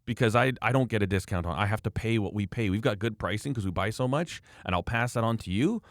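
A man's voice: lowish voice, lively intonation, fast, no room sound, clean studio sound. A man hosting a casual podcast chat, telling work stories in a blunt, emphatic way. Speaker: podcast host, former project manager.

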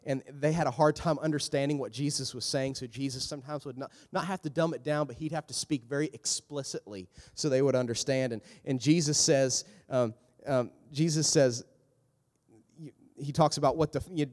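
A man preaching a sermon in an animated, casual way, breaking into jokes and quick impressions of the people in the passages he reads. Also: medium pitch. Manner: animated, joking asides with quick voiced impressions. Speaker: pastor. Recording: echoey hall with long reverb.

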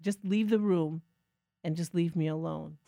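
Animated woman telling a story on a podcast. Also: low-pitched, unhurried, creaky, no echo, clean studio sound. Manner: animated, self-mocking storyteller. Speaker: podcast co-host. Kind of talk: casual storytelling chat.

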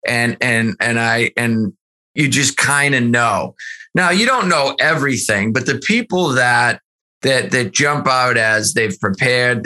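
A man who is a sales executive guest, telling stories in a podcast interview in an earnest, animated way with many restarts. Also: medium pitch.

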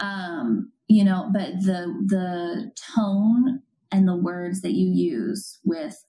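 A woman's voice: fairly low pitch, takes it slowly, mellow, low-quality recording. A woman hosting a parenting podcast, explaining ideas earnestly in casual conversation with plenty of fillers. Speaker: parent coach, podcast host.

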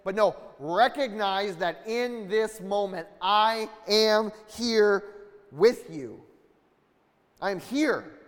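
A man's voice: high voice, lively intonation, takes it slowly. A man preaching a sermon in an earnest way, acting out the lines of the people in the story and building in intensity. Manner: earnest, building intensity, acts out quoted dialogue. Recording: long hall reverb.

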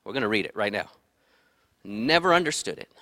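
A middle-aged man telling a personal story, candid and rambling, stumbling over repeated words. His bright, clear voice sits in a dry, close recording. His tone drops to quiet asides and rises to loud, heated bursts. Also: on the low side, lively intonation, fairly quick, dry recording.

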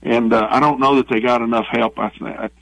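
A man's voice: medium pitch, fairly even intonation, a little fast, creaky, a bit bright, no room sound, low-quality recording. A man with a Southern American accent, a former athletic director giving opinionated, rambling views as a radio guest. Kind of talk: phone-in guest interview.

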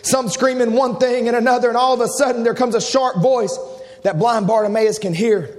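A man's voice: extremely high pitch, fairly even intonation, fairly quick, big-room sound. A man preaching, vividly retelling a scene and acting out the crowd's voices, heard on an archive sermon recording. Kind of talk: storytelling sermon.

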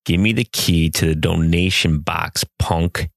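A man voicing a desperate young male burglar, gruff and threatening but later pleading. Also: deep voice, a little slow, no echo, studio quality, exaggerated voice. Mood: menacing.

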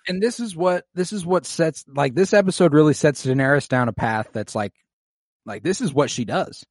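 A man's voice: fairly high pitch, moderate pace, no room sound, studio quality. A man co-hosting a podcast, joking loosely through an episode recap with lots of fillers and swearing. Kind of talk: casual chat recapping a TV episode.

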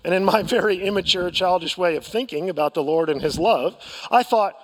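Man, American accent, pastor, sermon, self-deprecating storyteller, higher voice, long hall reverb. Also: brisk, hardly any pauses, a bit bright. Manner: candid storytelling with self-deprecating humor and frequent restarts.

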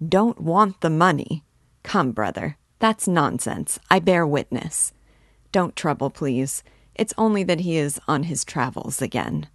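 A hearty young male student who takes charge and jokes as he talks, read by a woman. The voice sits low and the sound is dry and close. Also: expressive, measured pace, dry recording. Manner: hearty, bossy, joking.

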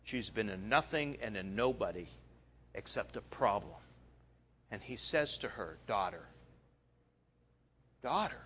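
A male preacher retelling a story in a sermon, animated, swinging between loud bursts and quiet asides. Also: fairly low pitch, measured pace, slight background noise.

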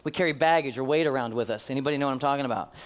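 A man's voice: medium pitch, racing. A man preaching a sermon to his congregation in a conversational way, with ums and uhs. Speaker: pastor.

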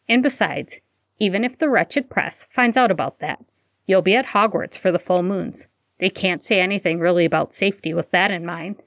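A woman reading aloud, voicing an earnest teenage schoolgirl who exclaims in quick, hurried bursts. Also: lowish voice, fairly bright tone, no echo, clean studio sound. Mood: indignant.

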